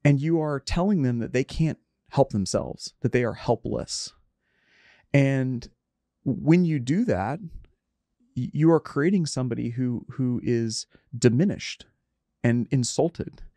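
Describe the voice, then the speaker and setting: A man's voice: medium pitch, animated, unhurried, dark tone, dry recording. A middle-aged man in reflective conversation, earnest and self-searching, often trailing off and restarting his sentences.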